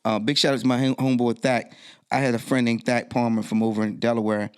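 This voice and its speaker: A middle-aged man, a guest DJ, telling a personal story in a podcast interview, his voice jumping high when he quotes himself. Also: little pitch movement, fast, smooth.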